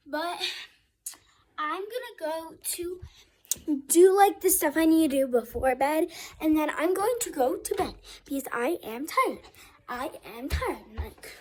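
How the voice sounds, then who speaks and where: A woman's voice: high voice, animated, measured pace, a little hiss or hum, low-quality recording. A young girl rambling casually to her viewers in a chatty vlog, often calling them "y'all". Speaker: vlogger.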